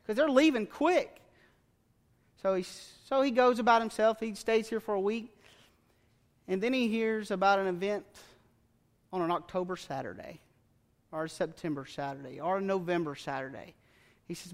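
A man preaching a sermon in a church, telling a story in an animated, plain-spoken way. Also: sits high, moderate pace. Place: church sanctuary. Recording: long church reverb with faint music.

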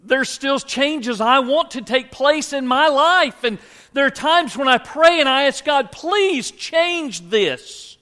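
A man's voice: extremely high pitch, unhurried, pushed and bright. A man preaching a sermon as pastor, earnest and conversational, asking the congregation rhetorical questions. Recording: long hall reverb.

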